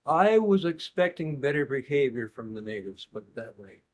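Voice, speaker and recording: A man speaks as an interview guest in casual conversation. He tells his stories in a dry, wry way, often stopping to restart a sentence. His pitch sits in the usual middle range for a man. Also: very animated, normal speed, a little mellow.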